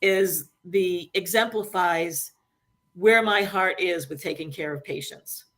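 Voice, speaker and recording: A woman guest on a talk show, telling a personal story in an emotional, animated way and acting out the people she quotes. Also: fairly low pitch, slow. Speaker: guest, dialysis industry worker. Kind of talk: casual podcast storytelling.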